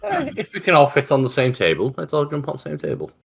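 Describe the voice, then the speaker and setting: A man's voice: on the high side, wildly swooping pitch, fast talker, creaky, breathy edge. A man playing a tabletop game, teasing and joking with the other players. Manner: teasing, jokey. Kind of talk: bantering tabletop play.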